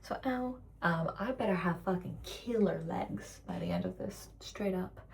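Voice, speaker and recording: A young woman of about twenty with a mixed British-American accent, tired after work, rambling candidly in a casual vlog rant and slipping into soft whispers. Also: lowish voice, wildly swooping pitch, unhurried, a little hiss or hum. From raised internationally, living in Britain. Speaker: waitress vlogger.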